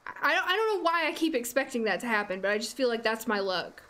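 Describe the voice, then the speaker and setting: Faint music sits under this casual gameplay livestream, where a young woman laughs a lot and addresses the game's characters directly. She talks fast in a fairly high, sing-song, slightly bright voice.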